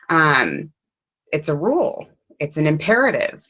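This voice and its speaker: A woman teaching an English lesson to learners, explaining slowly and patiently, with frequent ums. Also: deep voice, big pitch swings, bright, forceful tone, dull audio. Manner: slow, patient, with many ums. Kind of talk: classroom lesson.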